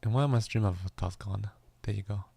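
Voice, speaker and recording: A man's voice: fairly low pitch, fast talker, gravelly, dark tone, breathy edge, dry recording. A man chatting casually with his livestream viewers, playful and self-mocking, laughing at his own stumbles. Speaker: livestreaming musician. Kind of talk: casual chat with stream viewers.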